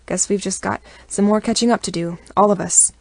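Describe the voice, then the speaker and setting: A woman's voice: mid-range voice, steady tone, fairly quick, gravelly, no room sound. A woman voicing a confident, blunt young man who earned his own money, speaking steadily and sometimes sternly. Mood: easygoing.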